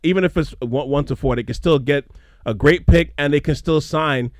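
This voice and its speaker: A man's voice: fairly high pitch, normal speed, no room sound, studio quality. A man co-hosting a casual sports talk show, giving earnest, hedging analysis. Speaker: co-host.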